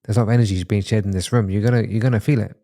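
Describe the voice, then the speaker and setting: A man's voice: lowish voice, steady tone, rapid-fire, dark tone. A man from London, a masculinity coach talking as a podcast guest in an earnest, reassuring, reflective way. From London, England. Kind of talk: casual podcast conversation.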